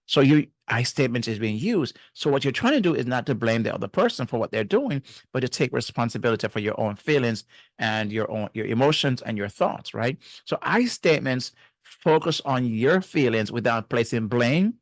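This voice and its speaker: A man's voice: medium pitch, lively intonation, brisk, no echo, studio quality. A middle-aged man, a marriage and family therapist, giving faith-based relationship advice in an earnest, teacherly way and speaking to the viewer directly.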